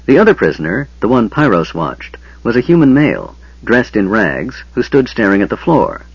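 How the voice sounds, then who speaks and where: A man narrating a fantasy novel as an audiobook reader, with expressive, varied delivery. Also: lowish voice, moderate pace, husky, no room sound. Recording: dull lo-fi audio, dry.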